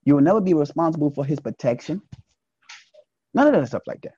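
A man delivering a casual, preachy monologue straight at his listeners, swinging between loud emphatic bursts and low asides. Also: big pitch swings, quick pace, breathy edge, dry recording, highs cut off. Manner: preachy, speaks to listeners directly.

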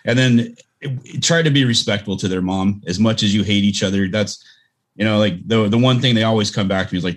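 A man's voice: on the low side, fairly quick. A man in casual chat, blunt and frank, dropping swear words offhand.

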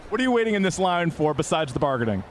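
A man's voice: on the high side, sing-song, rapid-fire, a little hiss or hum. A man interviewing costumed fans on the street, asking playful questions. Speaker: convention interviewer.

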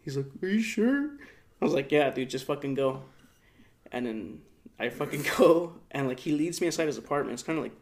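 A man's voice: mid-range voice, a little fast. A young man casually telling a story on a podcast, slangy and profane, acting out the people in it. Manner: slangy, profane, animated retelling with voiced quotes. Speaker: podcast co-host.

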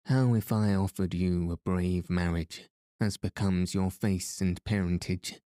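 A man's voice: low-pitched, fairly even intonation, unhurried, warm tone, no room sound, clean studio sound. A man reading as a harsh, stern medieval duke. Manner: harsh, curt.

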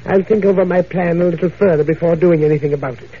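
Casual: sneering old-time radio baddie, smooth and smug, kinda muffled. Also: male voice, a little high, steady tone, fast talker. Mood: scheming. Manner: smooth, mocking, self-satisfied. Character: cunning, gloating male villain, the Vulture. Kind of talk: 1940s radio acting. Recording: dull old radio recording, faint hiss.

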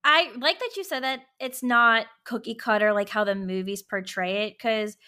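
A woman's voice: on the high side, normal speed, sharp tone, smooth. A woman hosting a podcast, chatting candidly and frankly, with lots of "like" fillers. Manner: candid, frank, heavy use of "like". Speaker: podcast host. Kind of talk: casual interview chat.

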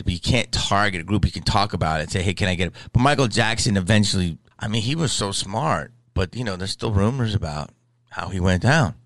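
A man's voice: on the low side, fairly bright tone, no echo, low-quality recording. A middle-aged man in casual chat, rambling and profane, with many restarts.

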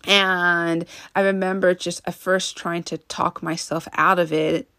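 Woman podcast host, low-pitched, earnest and conversational, talking straight to listeners, dry close mic. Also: little pitch movement, measured pace, pushed and bright, dry recording. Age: adult. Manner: earnest, speaks directly to listeners. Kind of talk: self-help podcast monologue.

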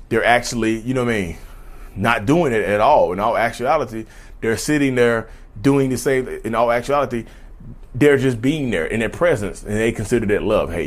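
A man talking casually to camera in a vlog, animated, addressing viewers as "y'all" and slipping into mocking voices. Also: medium pitch. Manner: loose conversational speech, says "y'all" often. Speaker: YouTube host.

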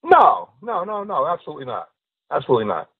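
Comedian guest, male, rambling joke-teller, rapid and a touch husky, phone-thin. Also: fairly high pitch, wildly swooping pitch, no room sound. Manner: rambling, repeats "you know". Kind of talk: casual chat and joke telling. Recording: tinny phone-like line, dry.

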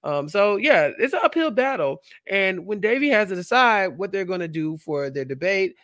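A young man co-hosting a podcast, giving animated, slangy opinions in a casual TV recap. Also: high voice, moderate pace, dry recording, studio quality. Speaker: podcast co-host.

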